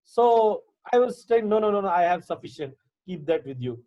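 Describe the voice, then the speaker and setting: A man's voice: high-pitched, expressive, normal speed, no echo. A man with an Indian English accent, a pastor giving Bible teaching as a personal testimony over a video call, talking conversationally with many fillers and repeats. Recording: dull lo-fi video call audio.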